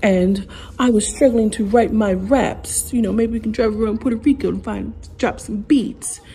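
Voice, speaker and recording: A woman putting on a mocking, exaggerated fake-Australian accent for a female pop rapper, pitched a little higher than her own voice. The tone is warm and mellow. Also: fairly even intonation, moderate pace, natural voice. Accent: put-on Australian.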